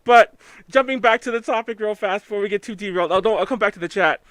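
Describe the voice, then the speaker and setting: A man's voice: high-pitched, fast talker, a bit bright, dry recording. A man with a Californian accent hosting a live podcast, chatting casually and rambling with many fillers and restarts. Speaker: podcast host. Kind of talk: casual chat.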